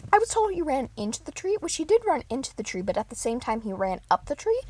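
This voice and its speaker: A woman's voice: high voice, fast talker. A teenage girl vlogging in casual chat, rambling and giggling as she tells stories. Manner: giggly, rambling, animated storytelling.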